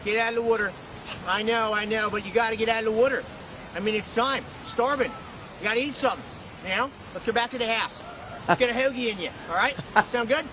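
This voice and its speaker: A man's voice: sits high, fast talker, crowd noise, close to an everyday voice. A man playing a Philadelphia-accented dad who nags his son to get out of the water, in a whiny, repetitive way. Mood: coaxing. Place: outdoors by water. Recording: outdoor clip with traffic noise.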